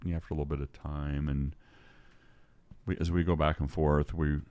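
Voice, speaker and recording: Very deep-voiced older man telling a story. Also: flat delivery, brisk, warm tone, no room sound, lo-fi sound. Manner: rambling, with repeated restarts. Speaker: podcast guest. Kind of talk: storytelling in casual conversation.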